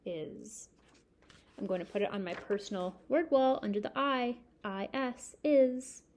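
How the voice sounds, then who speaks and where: A woman teacher with a slightly high voice leads young learners through a recorded spelling lesson. She spells each word letter by letter in a slow, clear call-and-repeat pattern. A faint hiss sits under the recording. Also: darkish tone.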